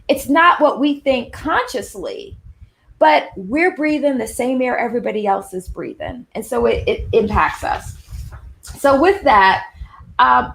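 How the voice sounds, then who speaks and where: A woman in her fifties with a Southern accent, giving an animated presentation with emphatic shifts in pace. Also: on the high side, gravelly. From Long Island, New York. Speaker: speaker on workplace anti-racism. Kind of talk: presentation to an audience.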